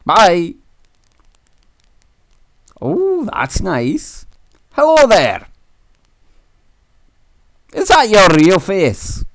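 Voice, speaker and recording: A man's voice: high-pitched, wildly swooping pitch, very slow, long pauses, dry recording, clean studio sound, exaggerated voice. A man voicing a rude, cheeky male puppet bird with a Scottish accent, teasing strangers in a video chat comedy. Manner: crude, teasing, sings silly songs.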